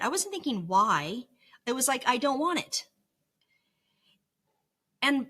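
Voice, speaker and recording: A woman's voice: a little high, bright, forceful tone. A middle-aged woman talking candidly in a personal vlog from her bedroom, earnest and confessional with flashes of self-mocking humor. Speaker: vlogger sharing her illness recovery. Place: home bedroom.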